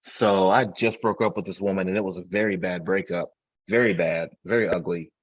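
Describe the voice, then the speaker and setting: Gravelly-toned low man, laid-back storyteller. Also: fairly even intonation, brisk, muffled recording. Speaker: podcast co-host. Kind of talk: casual chat.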